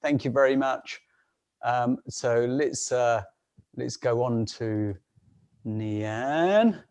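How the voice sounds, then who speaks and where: A man telling a folk tale on a video call in an unhurried way, with frequent restarts and soft laughs. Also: medium pitch, smooth. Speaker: storyteller.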